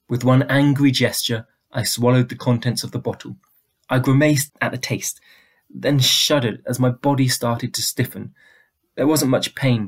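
A man narrating a chapter of a novel at an even, deliberate pace. His voice sits at a mid pitch and stays steady. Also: slightly rough. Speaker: audiobook reader. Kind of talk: storybook reading.

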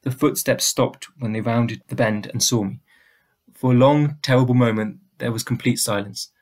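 A man reading a story aloud in a steady, deliberate narrating voice. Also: medium pitch. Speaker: audiobook reader.

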